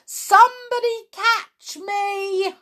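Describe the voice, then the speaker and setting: A woman voicing a panicking young boy in a storybook reading, crying out in shrill yelps. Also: fairly even intonation, drawn-out words, sharp tone, heavily acted. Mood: panicked. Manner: yelping, shrill cries.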